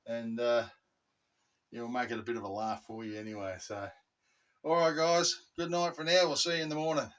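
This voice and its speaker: A man's voice: mid-range voice, brisk, fairly bright tone. Laid-back Australian man, distant outdoor mic. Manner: laid-back, chatty, slangy. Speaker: channel host. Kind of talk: casual outdoor vlog. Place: outdoors at home garden. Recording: distant mic with clear background noise.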